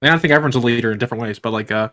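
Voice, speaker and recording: A man's voice: medium pitch, rapid-fire, bright, forceful tone. A man who grew up on a farm, talking casually as a guest in a conversational interview, rambling with many fillers.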